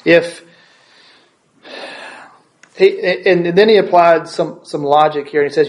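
A man's voice: fairly high pitch, slow pace, pauses often. A man preaching in a sermon, retelling a story with frequent restarts and tag questions.

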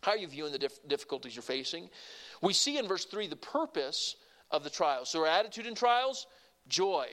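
A pastor with a slightly high voice preaches to his congregation in an easy, conversational way. He asks them questions and pushes certain words louder or slower for emphasis, then drops back down again. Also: animated. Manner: varies loudness and pace for emphasis. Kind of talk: sermon.

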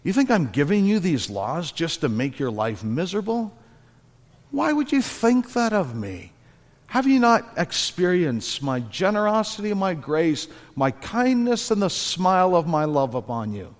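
A male preacher voicing God as a gentle father, kindly questioning his child in a reverberant hall. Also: high voice, very animated, unhurried, pitched above the performer's own voice. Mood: tender pleading. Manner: tender, questioning, earnest.

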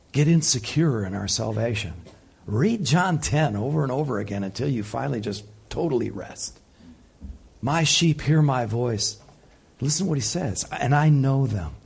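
A man preaching a sermon, impassioned, swinging between loud peaks and soft, quiet passages. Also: mid-range voice, gravelly, husky. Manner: impassioned, rising loud then dropping soft. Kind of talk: sermon teaching.

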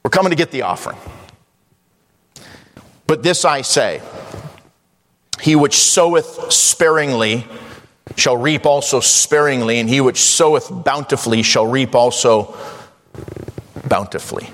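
A man preaching a sermon as pastor, reading scripture in slow King James cadence and breaking into rising emphasis. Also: medium pitch, a bit bright. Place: church sanctuary. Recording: long church reverb.

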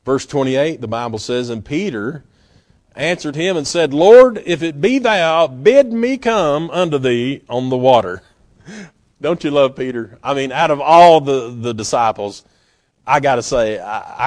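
Animated and moderately paced, a medium-pitched male preacher tells his sermon like a folksy story, performing scenes and breaking into sudden loud moments.

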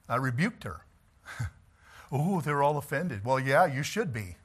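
A male pastor preaching a sermon, telling stories in an animated way and chuckling as he goes. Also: medium pitch, normal speed, slightly rough.

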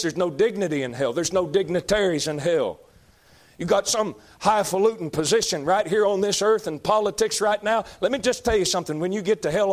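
A man preaching a fiery sermon, emphatic and repetitive, rising to shouts. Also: sits high. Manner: folksy, emphatic, shouting at peaks, repeats lines.

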